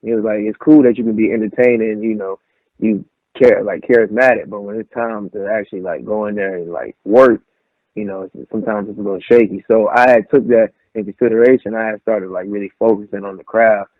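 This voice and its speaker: A young adult man who wrestles professionally talks a little fast in a lowish voice, animatedly acting out quotes as he casually tells stories for an interview. The sound is a dry, tinny phone-like line.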